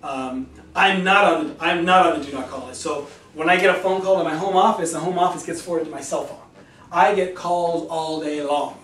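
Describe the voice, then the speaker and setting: Enthusiastic male sales trainer, quick delivery, recorded at a distance in an echoey hall. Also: a little high, a little hiss or hum. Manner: enthusiastic, animated, acts out both sides of calls. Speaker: real estate agent giving a sales talk. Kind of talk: energetic seminar talk with acted phone calls. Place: meeting room in front of an audience. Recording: echoey room, mic from a distance.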